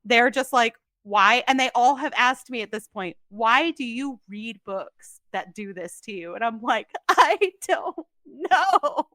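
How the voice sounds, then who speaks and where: Bright, expressive woman podcast co-host. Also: fairly high pitch, no room sound, studio quality. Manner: expressive, quick to laugh, vivid retelling. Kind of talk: casual chat.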